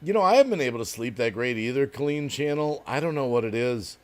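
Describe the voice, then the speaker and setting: A man's voice: mid-range voice, animated, quick pace. Chatty man hosting a livestream. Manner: chatty, laughs often, reads chat aloud. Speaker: livestream host. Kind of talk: casual chat reading viewer comments.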